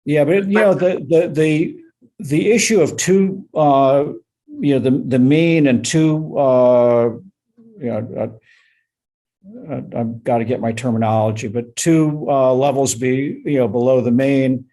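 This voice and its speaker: A man serving as an appellate judge, questioning lawyers in oral argument with halting, probing questions and many fillers. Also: mid-range voice, warm tone.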